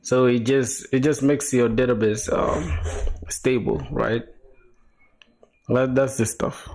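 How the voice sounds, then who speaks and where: A man's voice: medium pitch, fairly even intonation, slow pace, a little mellow. Laid-back young man streaming code. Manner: laid-back, slangy, calls viewers bro and my boy; answers chat while thinking aloud, with fillers and restarts. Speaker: coding livestreamer. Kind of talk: casual live-stream chat.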